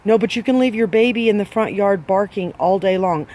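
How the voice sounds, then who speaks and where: High-voiced man lecturing dog owners. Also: brisk, darkish tone. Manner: emphatic, scolding, full of rhetorical questions. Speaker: dog trainer. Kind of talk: direct advice talk to dog owners.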